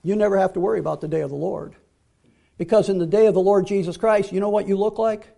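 A man giving a Bible teaching sermon, emphatic, repeating key phrases and dropping to quiet asides. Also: high voice, fairly even intonation, fast talker, gravelly.

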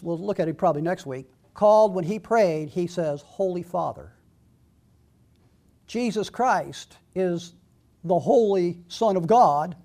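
A man preaching a sermon, reading scripture slowly and earnestly and often restarting or correcting himself mid-sentence. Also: sits high, a little mellow. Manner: slows right down to read verses aloud.

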